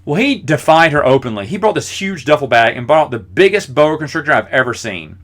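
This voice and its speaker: In a fairly high, sing-song voice with a bright tone and quick pace, a man in his forties hosts a podcast of casual storytelling. His tales ramble, lean self-deprecating, and are peppered with fillers.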